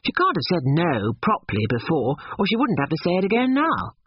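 A man's voice: sits high, wildly swooping pitch, brisk, breathy edge, dry recording, lo-fi sound, voice pushed up, exaggerated voice. A man reading an audiobook, voicing a sulky, blunt young man who grumbles at his mother.

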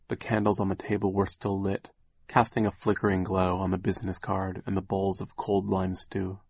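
A man reading a children's novel aloud as narrator, with measured, gently dramatic storytelling. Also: low-pitched, completely flat delivery, breathy edge. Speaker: audiobook narrator. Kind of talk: scripted narration.

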